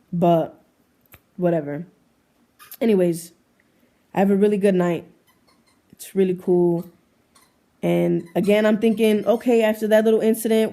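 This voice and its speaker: Young adult woman, low fry and a mellow tone, relaxed slangy storyteller. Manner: casual slangy storytelling with profanity; quotes people in the story. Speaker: vlogger. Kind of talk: storytime monologue.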